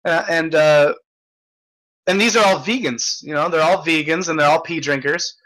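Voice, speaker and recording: A man's voice: on the high side, moderate pace, fairly bright tone, low-quality recording. A man hosting an online hangout, ranting in casual chat, swearing and restarting often. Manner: profane, ranting, stammering restarts. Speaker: host.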